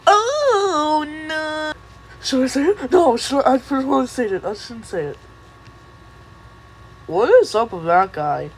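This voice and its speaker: A woman's voice: on the high side, moderate pace, long pauses, a little mellow, husky, rough recording. A young woman voicing many cartoon characters in a playful, silly way. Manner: playful, silly voices, giggly.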